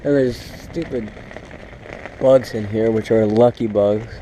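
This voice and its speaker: Slow rambling young-sounding man in a tent. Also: on the low side, steady tone, dark tone, slight background noise, low-quality recording. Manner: rambling and chatty, full of fillers, talking to his dog. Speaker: vlogger. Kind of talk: casual self-filmed vlog. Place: small tent outdoors in heavy rain. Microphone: camera on a tripod. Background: rain.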